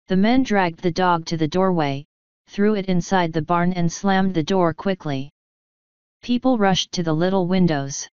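Woman narrator, audiobook, clear voice on a dull lo-fi recording. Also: on the low side, a little slow, a little mellow, no room sound.

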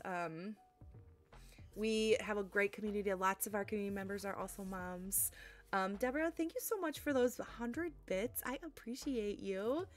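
A woman streamer chatting casually with her live audience, bubbly and giggly, thanking viewers warmly. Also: medium pitch. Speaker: game streamer. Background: faint lo-fi music.

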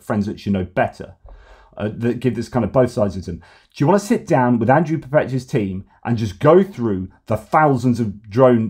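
A middle-aged man hosting news commentary, talking in an animated, argumentative way. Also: medium pitch, breathy edge.

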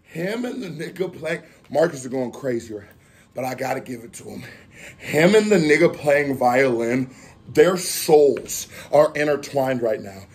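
A man hosting a casual reaction video, excitable with loud outbursts, a little out of breath. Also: mid-range voice, measured pace, a little hiss or hum. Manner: excitable, loud outbursts and chanting between talk.

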